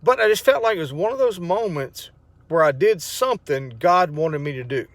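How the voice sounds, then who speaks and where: A man's voice: on the high side, expressive, normal speed, dry recording. A middle-aged man, telling a personal testimony in a rambling, emotional way with many restarts. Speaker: vlogger sharing a testimony. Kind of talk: casual spoken testimony.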